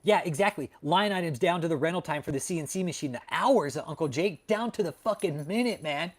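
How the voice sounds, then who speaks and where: A male livestream host rants at home with constant swearing and blunt, heated commentary. His voice sits a little above the usual male pitch. He talks straight at his viewers, angry and profane. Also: expressive, a little fast. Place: home, dog nearby.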